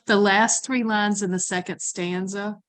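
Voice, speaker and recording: A woman shares her thoughts on a poem over a video call with heartfelt emotion. Her voice sits at an ordinary mid pitch. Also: steady tone, a little slow, a bit bright. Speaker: class participant.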